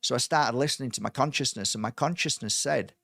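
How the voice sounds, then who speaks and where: A man's voice: mid-range voice, fast, creaky, no room sound, studio quality. Man telling a spooky story. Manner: animated, acts out quoted voices, many fillers and restarts. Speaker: spiritual healer. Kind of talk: personal storytelling.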